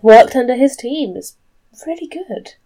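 A woman's voice: fairly high pitch, expressive, unhurried, warm tone. A woman as a player in a tabletop game, bantering playfully and persuasively in character.

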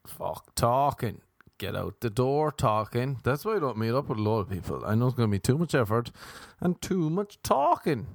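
An Irish man with an Irish accent riffs through a stand-up routine, rambling and sardonic and circling back on his own words. His voice sits at an ordinary male pitch. The sound is close and dry, with no room around it. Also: dry recording. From Ireland. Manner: rambling, repetitive, sardonic asides. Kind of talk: stand-up comedy monologue.

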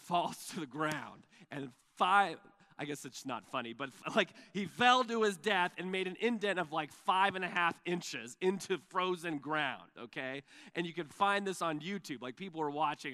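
A man preaching a sermon as pastor, telling stories in a loose, animated way with many fillers and acted-out quotes. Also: on the high side.

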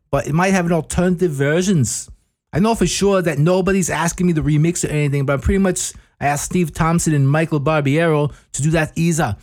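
A man voicing a chatty Danish male record producer with a put-on Danish accent and a rambling, halting delivery. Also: fairly high pitch, darkish tone, voice pushed up, natural voice.

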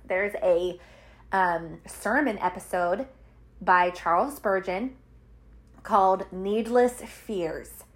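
A woman in her thirties hosting a Christian podcast, chatting casually and emphatically to women listeners, often repeating words for stress and laughing. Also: mid-range voice.

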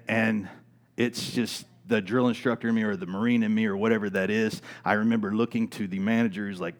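A middle-aged male pastor preaching in a church, his voice sitting a little low. He tells stories in the sermon, keeps checking in with the congregation, and moves from loud peaks to hushed lines. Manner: storytelling with frequent "right?" asides, swings from loud to quiet.

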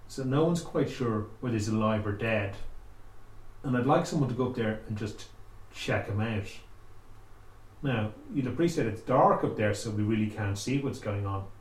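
A man telling a spooky folk tale aloud, with slow, dramatic pauses. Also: lowish voice. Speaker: storyteller. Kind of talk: oral storytelling. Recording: echoey room, faint ambience.

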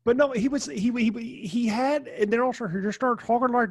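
A man co-hosting a casual film podcast, telling rambling, excitable stories. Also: very high voice, moderate pace, few pauses. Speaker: podcast co-host.

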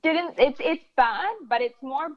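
A woman in her thirties telling a story in a casual interview, animated and swearing freely. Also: sits high, unhurried. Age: 30s. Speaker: guest storyteller. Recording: dull lo-fi sound.

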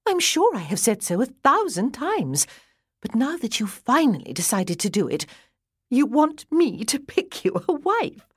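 A woman's voice: medium pitch, very animated, a little slow, darkish tone, slightly rough, no room sound, studio quality, heavily acted. Woman voicing a mocking older sister. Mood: teasing. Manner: mocking, hooting with laughter. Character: teasing older sister, laughing, lively woman.

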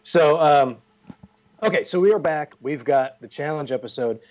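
A man's voice: a little high, moderate pace, darkish tone, lo-fi sound. A man co-hosting a casual chat show, joking and bantering with a headset mic. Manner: joking, banters and laughs often. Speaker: podcast co-host.

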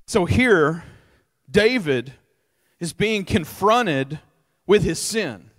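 Brief: male preacher, slightly high voice, reads scripture and explains it casually, long hall reverb. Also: lively intonation, drawn-out words, pauses often, a bit bright. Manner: rises in pitch and volume for emphasis. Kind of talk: sermon.

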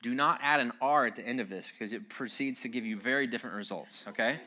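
A man's voice: medium pitch, fast talker, pushed and bright. A man giving a casual, joking sermon-style talk, conversational and wry, with frequent "um"s and "uh"s.

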